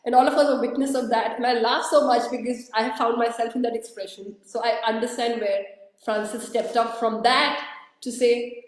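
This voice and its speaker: A woman's voice: a little high, steady tone, fairly quick, very echoey, poor audio. A woman hosting an online workshop showcase, talking in an effusive, emotional way over a video call. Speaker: workshop host.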